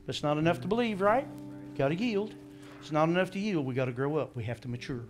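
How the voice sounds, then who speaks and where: A man preaching a sermon as pastor, animated, acting out scripture voices and asking the congregation questions. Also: fairly high pitch, fast, faint music behind.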